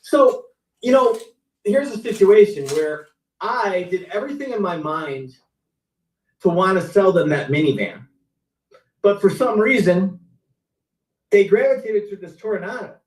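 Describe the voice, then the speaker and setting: A middle-aged man spins car sales stories in a casual, animated way, his voice pitched fairly high and swinging widely as he acts out his customers. He sounds roomy and a bit distant from the mic, as on a video call. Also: measured pace, long pauses. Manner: animated storyteller acting out customers' lines. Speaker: car sales veteran, show co-host. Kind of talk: casual storytelling on a live stream.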